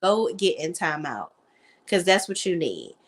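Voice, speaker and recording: A woman's voice: on the low side, big pitch swings, a little slow. A woman hosting a casual gossip chat, blunt and profane, reading out viewer comments. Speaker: host.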